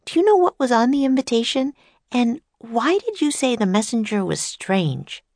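A woman voicing an eager, curious young girl on an adventure, in a lively storybook character voice. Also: fairly high pitch, no echo, voice pushed up. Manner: excited, quick, bold.

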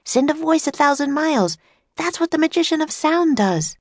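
A woman's voice: high-pitched, dry recording, clean studio sound, pitched above the performer's own voice. A woman doing an eager, bold young girl. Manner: excited, quick, bold. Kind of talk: storybook character voice.

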